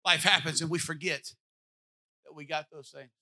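A man's voice: on the high side, steady tone, normal speed, bright, forceful tone. A man in his forties preaching a sermon as pastor, with an impassioned, repetitive cadence. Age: 40s.

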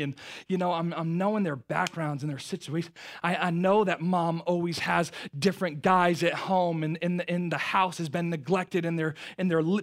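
A man, preaching a sermon earnestly, stumbling over restarts, swelling with feeling and then dropping soft. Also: high-pitched. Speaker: pastor.

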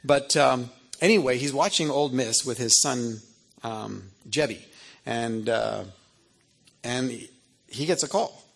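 A man in his fifties tells personal stories to an audience, checking in with "right?" as he goes. His voice is gravelly with a husky edge, and it sits at a mid pitch. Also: measured pace, fairly bright tone. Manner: conversational, keeps asking 'right?'. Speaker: author speaking to an audience. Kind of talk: personal storytelling talk.

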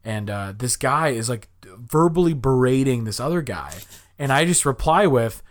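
A man's voice: medium pitch, expressive, moderate pace. A young man from Chicago, hosting a podcast and telling a rambling story with many fillers and restarts. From Chicago, USA. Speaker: podcast host. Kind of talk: casual storytelling chat.

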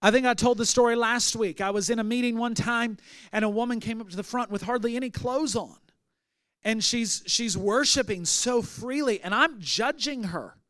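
This male pastor's voice is very high and fairly bright, moving at a moderate pace in a clean studio recording without room sound. His sermon weaves stories in which he plays out the characters' quoted voices before climbing to forceful declarations.

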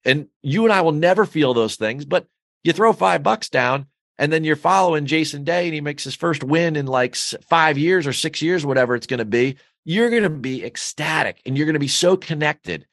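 A man's voice: fairly high pitch, expressive, moderate pace, gravelly, fairly bright tone, no room sound, studio quality. A man being interviewed as a guest, talking with enthusiasm in a rambling way with many fillers. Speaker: golf betting newsletter founder, guest. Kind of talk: podcast interview.

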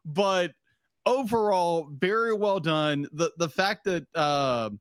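High-voiced man rambling with laughs. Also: slow pace, smooth, no room sound, clean studio sound. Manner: rambling, stumbling over words, laughing often. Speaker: podcast co-host. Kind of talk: casual chat.

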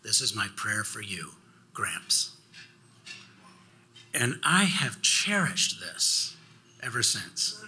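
An older man telling a personal story in a halting way, often repeating words. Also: fairly low pitch, sing-song, pushed and bright. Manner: halting, repeats words, acts out quoted voices. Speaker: guest speaker.

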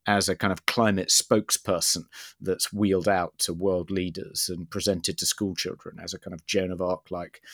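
A man co-hosting a casual political podcast, talking in a measured way and often searching for his words. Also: lowish voice, no echo, clean studio sound. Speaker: podcast co-host.

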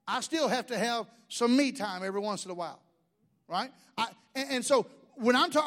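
A male pastor preaching a sermon, animated and joking, full of restarts and asides. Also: extremely high pitch.

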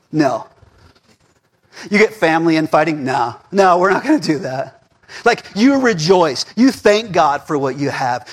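A middle-aged man preaching a sermon in a church, animated and swinging between near-shouts and murmurs. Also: fairly high pitch, slightly rough. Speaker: pastor.

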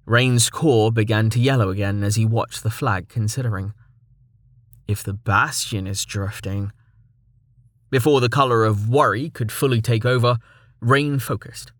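A man narrating a fantasy web novel as an audiobook in a steady storytelling manner. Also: on the low side, a little slow, no room sound. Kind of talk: scripted narration.

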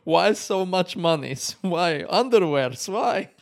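A man voicing a blunt, teasing male customs agent who scolds in halting broken English. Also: high voice, expressive, pitched above the performer's own voice, heavily acted. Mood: mocking.

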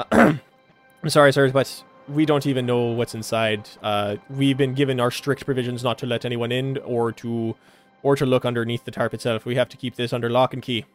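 A man's voice: mid-range voice, animated, normal speed, a bit bright, faint music behind, lightly acted. A man voicing a dutiful, apologetic male caravan guard who speaks formally with a wavering put-on accent.

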